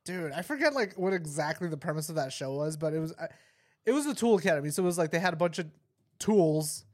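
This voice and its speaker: Young male co-host, a touch high-pitched, brash, profane, jokey. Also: lively intonation, quick pace, darkish tone. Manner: brash, profane, jokey, says "dude" a lot. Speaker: podcast co-host. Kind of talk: casual crude podcast chat.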